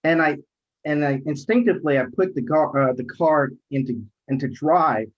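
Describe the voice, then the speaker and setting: A middle-aged man, a rideshare driver, telling a story in casual chat, animated and acting out quoted voices. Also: on the high side, normal speed. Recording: dull lo-fi audio.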